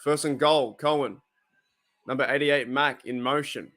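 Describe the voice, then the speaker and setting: A man's voice: medium pitch, a little slow. A man with an Australian accent hosting a fan watch party, giving casual commentary on the game, cheering and groaning at each play. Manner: excitable, cheers and groans at plays.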